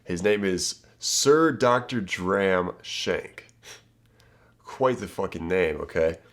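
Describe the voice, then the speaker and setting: A man with a low voice talks straight to the viewer as a dating coach. His delivery is casual and emphatic. He keeps tagging his points with quick checks like "okay?" and "right?". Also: animated. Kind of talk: direct-to-camera advice talk.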